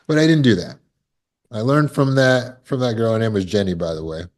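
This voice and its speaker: A man's voice: fairly low pitch, sing-song, normal speed, darkish tone. A man coaching on trauma recovery in a casual talk, telling stories and acting out quoted people with big jumps in his voice.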